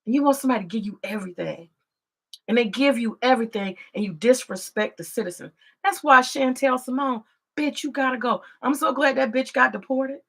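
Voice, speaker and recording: Gravelly, profane woman ranting. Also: on the high side, brisk. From United States. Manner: profane, confrontational, preachy. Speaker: commentator. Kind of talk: ranting vlog commentary.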